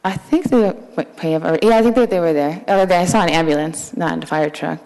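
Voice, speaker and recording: Low, gravelly woman testifying at a hearing. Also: a little mellow, long reverb tail. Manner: halting, plainspoken answers. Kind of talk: answering questions under oath.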